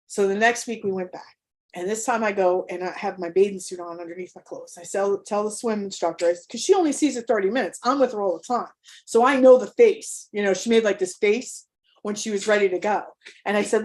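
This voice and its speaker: A middle-aged woman, a parent coach hosting an online workshop, shares a candid and emotional personal story, often starting over mid-thought. Her voice is medium-pitched and darkish, and she talks fairly quickly over a video-call microphone.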